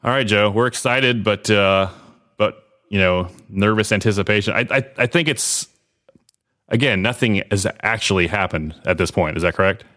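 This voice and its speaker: A man's voice: lowish voice, moderate pace, bright, forceful tone, no echo, clean studio sound. A man hosting a podcast interview in a casual, chatty way, often trailing off and restarting. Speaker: podcast host.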